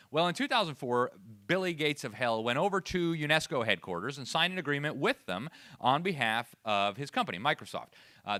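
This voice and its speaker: A man giving a lively, sarcastic lecture to a live audience. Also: medium pitch, no room sound. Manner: sarcastic, animated, laughs at own asides. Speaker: speaker at education event.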